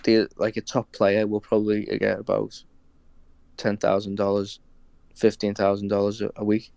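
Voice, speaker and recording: A man's voice: on the low side, completely flat delivery, moderate pace, creaky, darkish tone, no echo. A man chatting casually as a podcast guest, hesitant, with many ums and restarts. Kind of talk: casual chat.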